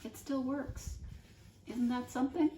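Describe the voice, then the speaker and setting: A woman doing a bubbly, excitable neighbor lady. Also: sits high, a little slow, slight background noise, voice pushed up. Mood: delighted. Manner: bubbly and exclaiming. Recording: roomy sound from a distance.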